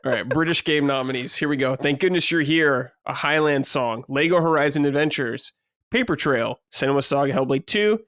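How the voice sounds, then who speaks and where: A man's voice: on the high side, normal speed, a bit bright, no echo, studio quality. Easygoing man hosting a gaming podcast. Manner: easygoing, reads out lists, laughs along. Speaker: podcast host reading award results. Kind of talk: casual podcast chat.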